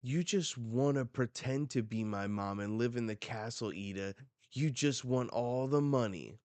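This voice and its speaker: In a raised, bratty voice, a sneering boy played by a man snaps insults at everyone. He sounds loud and defiant, and the recording is dry and close. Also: mid-range voice, measured pace, dry recording, voice pushed up, close to an everyday voice. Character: rude, defiant lonely boy.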